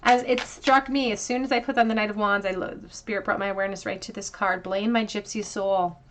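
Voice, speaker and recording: Woman, tarot reader, earnest, reflective, mid-pitched voice, lingers on key phrases. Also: fast, a bit bright, slight background noise. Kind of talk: pick-a-card tarot reading.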